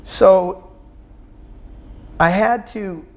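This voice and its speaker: A man's voice: sits high, gravelly. A man being interviewed as a guest, retelling a personal experience intensely in conversation. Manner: intense, rushing retelling with sudden loud outbursts.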